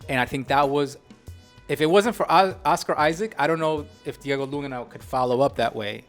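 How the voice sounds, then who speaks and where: A middle-aged man with a fairly high voice, hosting a podcast in a loose, animated chat. He often restarts his sentences and goes off on asides, and faint music plays behind him. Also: fairly quick. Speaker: podcast host. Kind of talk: casual chat.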